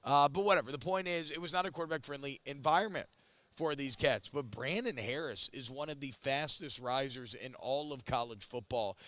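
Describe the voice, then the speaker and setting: A man's voice: medium pitch, brisk, a bit bright, no echo. A man in his thirties co-hosting a casual sports talk show, emphatic and opinionated, speeding up in bursts and stretching his stressed words.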